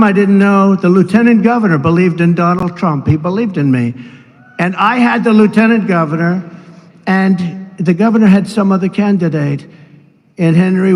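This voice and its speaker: A man in his seventies giving a rambling rally speech, full of asides and mocking impressions. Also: sits high. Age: 70s. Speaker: political speaker at a rally. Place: large rally venue. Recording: long reverb of a big venue, faint noise.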